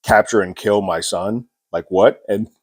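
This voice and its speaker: A man's voice: lowish voice, steady tone, measured pace, husky. A man casually recapping a TV episode, chatty and amused, paraphrasing scenes with frequent fillers. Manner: amused, laughing between points. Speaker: TV show recap host.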